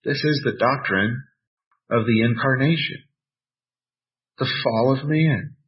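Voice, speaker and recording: A man preaching a sermon, reading scripture aloud and adding playful personal asides in a measured, deliberate way. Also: mid-range voice, muffled recording. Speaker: pastor.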